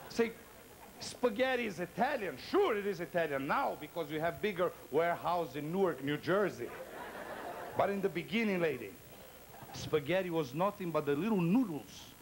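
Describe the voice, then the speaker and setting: A male stand-up comedian with a high voice that leaps all over the place as he tells his routine. He talks in a theatrical, playful way and teases people in the audience. A faint murmur sits behind him in the live room. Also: slight background noise, poor audio.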